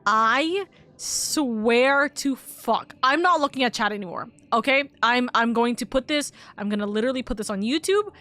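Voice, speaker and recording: A woman's voice: a little high, animated, quick pace, few pauses, sharp tone. A young woman streamer chatting casually while playing a game; she swears a lot and her voice jumps up when she gets upset. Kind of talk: casual gameplay chat.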